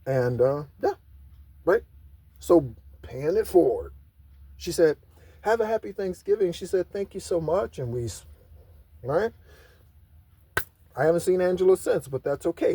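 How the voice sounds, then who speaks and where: A man giving casual spiritual guidance, rambling in asides and slowly repeating mantras three times over. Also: on the high side, big pitch swings, warm tone, husky, no echo. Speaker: spiritual channeler.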